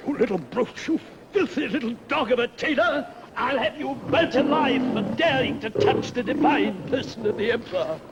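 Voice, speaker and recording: An actor playing a haughty, outraged Roman courtier who talks scornfully. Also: male voice, very high voice, expressive, normal speed, lo-fi sound, noisy background. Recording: old film soundtrack with orchestral score.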